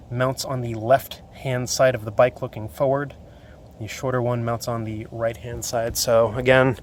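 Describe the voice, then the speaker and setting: Give me a man of middle pitch, out of breath in the heat, explaining a motorcycle install outdoors into a phone, with faint noise behind him. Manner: relaxed, many fillers. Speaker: motorcycle vlogger. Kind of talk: casual how-to walkthrough. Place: outdoors beside a motorcycle in hot weather. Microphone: phone camera.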